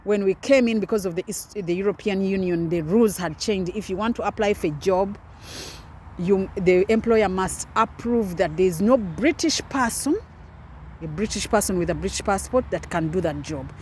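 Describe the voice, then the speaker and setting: A woman's voice: mid-range voice, normal speed, darkish tone, slight background noise. Impassioned woman doctor. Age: 40s. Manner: impassioned, emphatic storytelling. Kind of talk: personal testimony talk.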